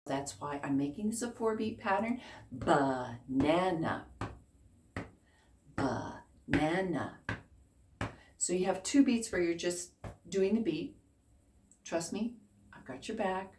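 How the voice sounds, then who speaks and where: A woman's voice: medium pitch, moderate pace. A woman in her fifties teaching a beginner ukulele lesson, encouraging and counting along with her students. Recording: echoey room, faint noise.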